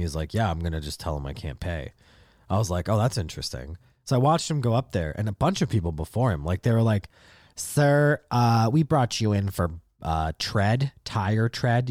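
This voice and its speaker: A young man hosting a podcast, telling a courtroom story in a ranting, heavily swearing, animated way into a close mic. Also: lowish voice, no echo. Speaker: podcast host. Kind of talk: profane comedic storytelling.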